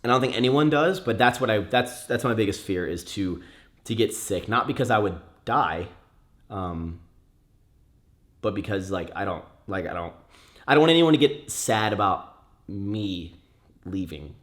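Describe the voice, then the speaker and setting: A man's voice: fairly low pitch, animated, moderate pace. Rambling young man in casual Q&A. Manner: rambling, many fillers and restarts, turns emotional at times. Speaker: YouTuber answering viewer questions. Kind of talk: casual Q&A chat.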